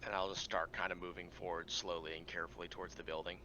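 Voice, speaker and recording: A man's voice: deep voice, little pitch movement, fast talker, background noise. A man playing a tabletop game, casual and playful. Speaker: player.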